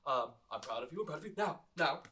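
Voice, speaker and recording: A man voicing a flamboyant mirror-image fashion mentor who gushes with pride in drawn-out phrases. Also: on the high side, expressive, bright, forceful tone, far from the mic. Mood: doting. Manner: drawn-out, gushing.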